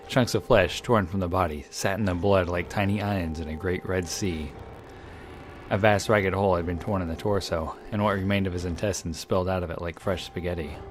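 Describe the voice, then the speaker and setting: A man reading a visual novel aloud in a measured, dramatic narration, with occasional slips. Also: low-pitched, slight background noise. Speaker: game reader.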